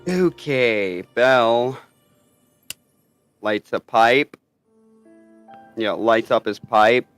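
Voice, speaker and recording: A man's voice: medium pitch, very slow, a bit bright, smooth, soft background music. A man chatting casually as a player in a tabletop role-playing game. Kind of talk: tabletop role-play banter.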